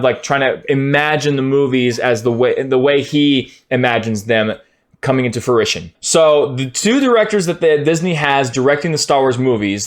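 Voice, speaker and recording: A man streamer ranting his opinion in a casual, profane, heated way, at times breaking into shouts. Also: medium pitch.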